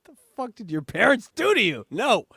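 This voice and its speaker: A man co-hosting a podcast in crude casual banter, loud and laughing as he rants. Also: high-pitched, fairly quick, vocal fry, breathy edge, dry recording, clean studio sound. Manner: loud, laughing, animated ranting. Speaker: podcast co-host.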